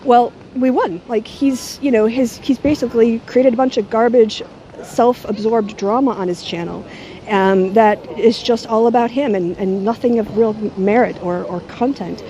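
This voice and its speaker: Middle-aged woman, sardonic vlog chat, higher voice, mellow tone, handheld camera at arm's length, faint noise behind. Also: moderate pace, highs cut off. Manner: sardonic, mocking. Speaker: YouTuber. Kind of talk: casual talking-head vlog.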